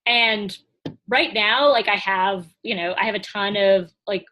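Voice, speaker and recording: A woman chats as a podcast guest in a loose, casual way, sprinkling in "like" and short laughs. Now and then she acts out her own inner voice as she talks. Her voice sits at an ordinary middle pitch. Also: unhurried, pushed and bright. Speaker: podcast guest, small business owner and coach. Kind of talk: casual conversational interview.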